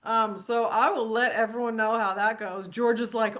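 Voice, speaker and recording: A woman's voice: normal speed, hardly any pauses. A middle-aged woman hosting a casual horse training group call, telling stories and acting out quotes with big jumps in her voice. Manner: animated storyteller, acts out quotes with big pitch jumps.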